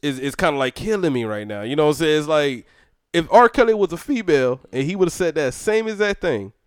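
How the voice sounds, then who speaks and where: A young adult man hosting a podcast, making his case in lively, restart-filled bursts. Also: a little high, fairly quick, smooth, dry recording, studio quality. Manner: lively, stammering restarts, argues a point. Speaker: podcast host. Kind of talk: casual podcast banter.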